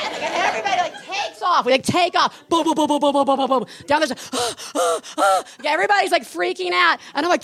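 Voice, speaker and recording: Animated woman telling a story on stage. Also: high voice, fast, gravelly, few pauses. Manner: animated storyteller, acts out screams and chants. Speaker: podcast co-host. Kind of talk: live podcast storytelling. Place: live stage before an audience.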